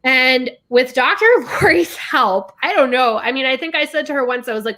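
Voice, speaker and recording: A woman's voice: sits high, a little fast, few pauses, sharp tone. A woman co-hosting a podcast, talking candidly and with feeling, laughing often. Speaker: podcast co-host. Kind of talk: emotional casual chat.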